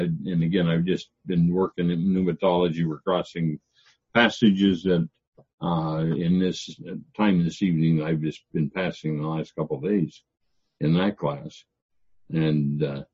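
An older man teaching a Bible lecture, pausing often on fillers as he explains word meanings. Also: deep voice, warm tone, breathy edge. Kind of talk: classroom theology lecture. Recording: dull lo-fi lecture recording.

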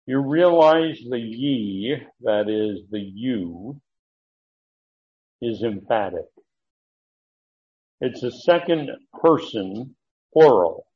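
Male Bible teacher, unhurried and emphatic, muffled lo-fi recording, mid-pitched. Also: expressive. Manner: deliberate, emphatic, with frequent pauses and fillers.

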